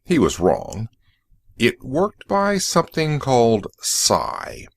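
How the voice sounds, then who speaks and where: A man reading the lines of a brisk, wry male shop owner in an audiobook, explaining things in a matter-of-fact, lecturing way. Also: mid-range voice, huge pitch swings, no echo, voice pushed up, heavily acted.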